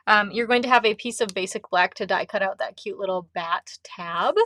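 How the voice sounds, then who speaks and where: A woman's voice: medium pitch, normal speed, bright, forceful tone, no room sound, studio quality. Chatty woman teaching a craft class. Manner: chatty, giggly, upbeat. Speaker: craft instructor. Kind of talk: live card-making class.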